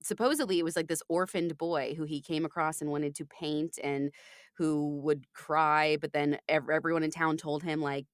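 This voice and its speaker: A woman guest chatting excitedly, full of "like" and quick asides. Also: sits low, no echo, studio quality. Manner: fast, excitable, lots of "like". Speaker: podcast host guest. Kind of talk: casual chat.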